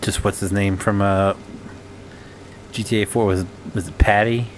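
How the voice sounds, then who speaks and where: A man's voice: on the low side, steady tone, moderate pace, a little hiss or hum. A man streaming a game and chatting casually with a friend in a joking, playful way. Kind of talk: casual chat while gaming.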